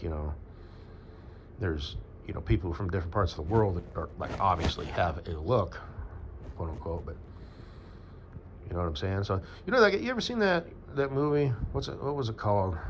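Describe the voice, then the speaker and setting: A man's voice: low voice, slight background noise. An American man rambling crudely to his audience in a monologue, full of fillers and asides. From United States. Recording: dull lo-fi sound with faint background ambience.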